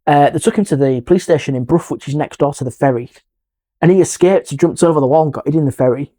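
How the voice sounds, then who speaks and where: A man's voice: a little high, fast talker. A middle-aged man, a paranormal investigator, telling a ghost story in casual chat and acting out the voices in it. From England. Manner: animated, acts out quoted voices, drops to a hush.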